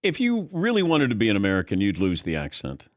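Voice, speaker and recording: A man hosting a radio show, teasing his guest with quick jabs. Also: on the low side, huge pitch swings, dry recording, studio quality. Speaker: radio host. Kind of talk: casual radio chat.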